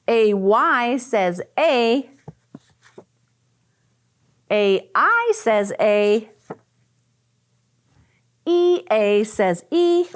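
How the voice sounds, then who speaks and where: A woman teaching a phonics lesson to young children, sounding out letter patterns slowly and praising often. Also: a little high. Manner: slow, exaggerated sounding out of letters; cheerful praise and questions to the listener. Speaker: first grade teacher.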